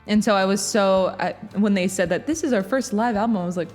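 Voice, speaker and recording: A woman's voice: mid-range voice, fairly quick, a little mellow, soft background music. A woman co-hosting a podcast, chatting casually with a bubbly, laughing manner. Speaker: podcast co-host. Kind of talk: casual chat.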